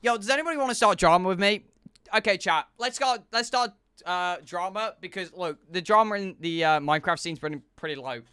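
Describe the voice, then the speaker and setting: A man's voice: high voice, fairly quick, clear, resonant tone. A young man, a streamer, chatting casually and joking back and forth with his live chat. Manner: animated, joking banter with chat.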